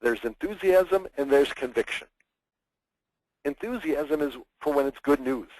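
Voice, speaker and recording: Lively, animated man giving a webinar. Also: fairly high pitch, measured pace, no echo, poor audio. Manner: energetic, animated, acts out examples in mock voices. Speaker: public speaking trainer. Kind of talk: webinar presentation.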